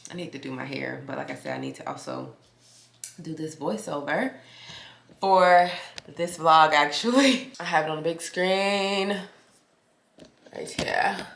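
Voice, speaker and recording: Low-voiced, tired woman vlogging at home. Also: sing-song, unhurried, long pauses, fairly bright tone. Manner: chatty, addresses viewers as y'all and friend. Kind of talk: casual vlog chat to camera. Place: her home, indoor rooms. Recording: echoey room at home.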